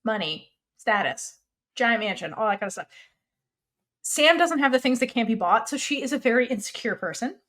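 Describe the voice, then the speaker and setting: A woman co-hosting a podcast in casual chat, retelling scenes with lively acted-out lines and casual swearing. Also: fairly high pitch. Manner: animated, acts out characters' lines in quick voices. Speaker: podcast co-host. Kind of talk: casual chat recapping a TV series.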